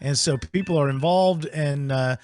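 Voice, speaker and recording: A man hosting a live political talk show, jokey and quick to interrupt. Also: on the high side, darkish tone. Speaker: host.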